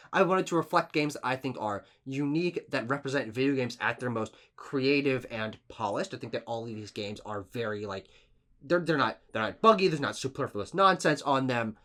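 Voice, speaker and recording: A man chatting as co-host of a casual podcast, his voice bright and full of swings in pitch. He stresses words emphatically and restarts his sentences often. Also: moderate pace. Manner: emphatic, animated list-giving with restarts.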